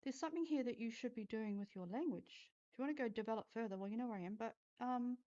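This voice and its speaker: Woman, intuitive reader on a livestream; frank, foul-mouthed, warm low tone, muffled sound. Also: fast talker. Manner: blunt, swears freely, talks straight to viewers. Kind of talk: live-streamed psychic reading.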